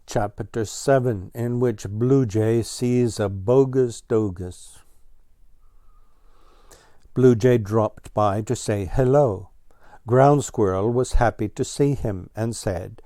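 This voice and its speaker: A man calmly narrating a children's storybook. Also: on the low side, takes it slowly, no room sound, clean studio sound.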